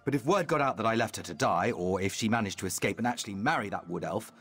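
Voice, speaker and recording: An actor playing a vain, haughty high elf nobleman in a video game, speaking in a prim, disdainful manner. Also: expressive, quick pace, fairly bright tone, breathy edge. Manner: pompous, aloof and disdainful. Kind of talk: game voice acting.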